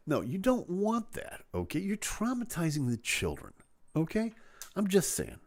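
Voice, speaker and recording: Man hosting a live stream: jokey, animated, with a dry, close sound. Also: high voice, a little slow, no echo. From Chicago. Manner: animated, jokey, acts out voices. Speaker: host of a live show. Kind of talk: casual live-stream chat.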